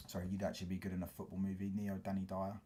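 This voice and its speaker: A man with a London accent hosts a loose, slang-heavy football live stream. His voice sits on the low side and he keeps checking that his listeners follow him. He answers chat comments in a relaxed, rambling way. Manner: casual slangy, keeps asking "do you get what I'm saying".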